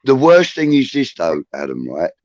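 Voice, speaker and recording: A man's voice: mid-range voice, huge pitch swings, normal speed, a little mellow, no room sound. A man near sixty with a Liverpool accent, hosting a casual video-call chat and telling a rambling, sweary story full of restarts. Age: 50s. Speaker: host. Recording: dull lo-fi sound.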